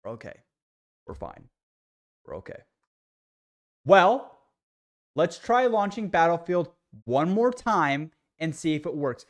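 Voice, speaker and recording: A man's voice: a little high, sing-song, slow, long pauses. A young man livestreaming a video game, ranting and swearing in exasperation while talking casually to his viewers.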